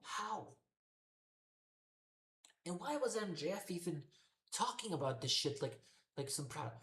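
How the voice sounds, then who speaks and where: A woman's voice: on the low side, big pitch swings, unhurried. A woman ranting heatedly as a wrestling show reviewer, swearing constantly and repeating herself in exasperation. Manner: profane, exasperated, repetitive ranting. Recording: roomy echoey room.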